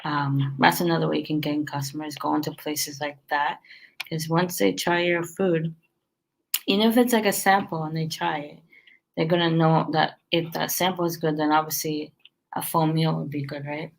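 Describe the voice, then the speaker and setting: On poor audio, a tired restaurant owner rambles casually about running her business, offering tips, yawning, and restarting often amid many fillers. Her voice is low and creaky with fairly even intonation, and her pace is moderate.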